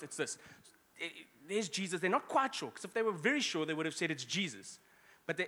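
A man preaching a sermon as pastor, conversational with quick asides and restarts. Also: fairly high pitch, sing-song, bright, forceful tone, long reverb tail.

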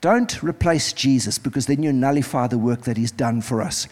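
A man's voice: medium pitch, moderate pace, darkish tone. A man preaching as pastor in a church service, earnest and pleading, repeating phrases as he leads an altar call. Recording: music playing behind.

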